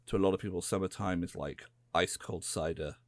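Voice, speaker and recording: A man with an English West Country accent co-hosts a podcast, his low, steady voice moving fairly quickly. The chat is laid-back and rambling, with background noise present.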